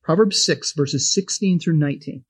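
A man's voice: on the high side, normal speed, breathy edge. A middle-aged man teaching from the Bible in a homespun, conversational way, telling personal stories and chuckling as he goes.

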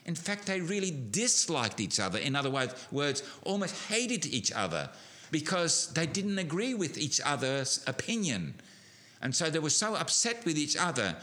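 A middle-aged man preaching a sermon, animated, building to emphatic peaks with frequent restarts. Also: a little high, normal speed.

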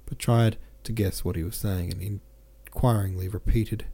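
A man narrating a classic novel as a podcast host, reading in a measured way with small self-corrections. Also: lowish voice, fairly even intonation, creaky, dark tone, slightly rough. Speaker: podcast host and audiobook reader.

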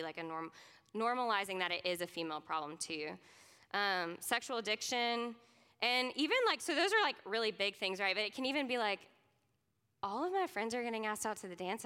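A woman's voice: mid-range voice, bright, forceful tone, smooth, long reverb tail. A young woman teaching a class in a casual, earnest way, leaning on lots of "like" fillers. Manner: earnest, chatty, many "like" fillers. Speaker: speaker teaching a youth ministry class. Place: conference classroom or hall.

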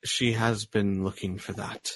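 A stern woman bodyguard in plate armor speaks curtly and formally, as a man running the game voices her. Her words are clipped and measured. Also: on the low side, flat delivery, fairly bright tone, slight background noise. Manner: curt, formal.

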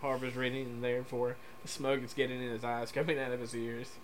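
A man co-hosting a casual podcast in a blunt, joking way, swearing freely. His voice has a middling pitch. A faint noise sits behind him. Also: level tone, quick pace, poor audio. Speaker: podcast co-host.

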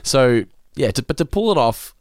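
An Australian man in his thirties, co-hosting a casual chat, animated and sweary. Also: normal speed, no echo, clean studio sound. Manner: animated and sweary, swings into high excited bursts. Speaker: podcast co-host.

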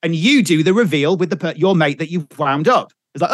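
A man's voice: fairly high pitch, fairly quick, dry recording, clean studio sound. A middle-aged man, a radio presenter telling stories in casual chat, swearing freely. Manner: animated storyteller, swears freely.

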